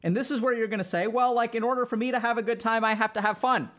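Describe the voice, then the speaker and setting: Male streamer, higher-pitched, relaxed lecturing tone, chatty filler-heavy delivery. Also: fast talker. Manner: loose and conversational, heavy use of "like". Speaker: streamer teaching social skills. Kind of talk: casual spoken lecture to a live chat.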